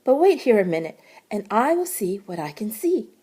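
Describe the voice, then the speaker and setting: A friendly storybook butterfly, voiced by a woman offers tips in a soft, airy tone. Her pitch dances up and down. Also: sing-song, moderate pace, breathy edge. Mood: helpful. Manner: friendly, helpful advice-giving. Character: helpful, chatty female butterfly.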